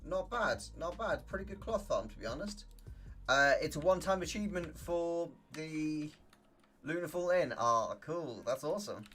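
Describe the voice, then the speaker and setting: A man's voice: on the high side, lively intonation, normal speed, a bit bright, soft background music. A young man chatting casually on a game stream, laughing often and swearing freely. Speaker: live-streaming gamer.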